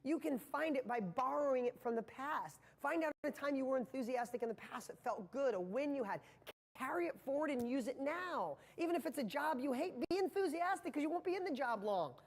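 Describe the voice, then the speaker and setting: A man's voice: very high-pitched, expressive, a little fast, in a large hall. A man giving a live motivational training talk to viewers, speaking with passion and a rambling flow full of restarts.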